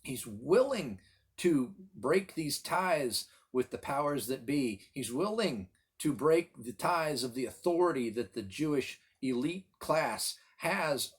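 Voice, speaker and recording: A pastor leads a midweek Bible study, his voice a little husky and breathy. He talks through the passage earnestly, stressing key words as he goes. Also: mid-range voice, animated, slow pace. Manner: earnest, emphatic teaching with restarts.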